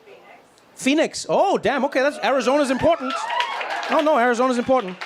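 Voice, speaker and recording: Animated high-voiced comedian, live crowd. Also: male voice, fast talker, noisy background. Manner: animated storytelling, acts out voices with loud high bursts. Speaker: stand-up comedian. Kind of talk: stand-up comedy set.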